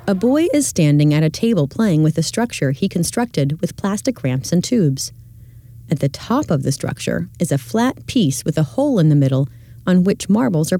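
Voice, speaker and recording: A woman reading a scripted audio description of classroom video clips in a measured, clear way. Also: on the low side, mellow, dry recording.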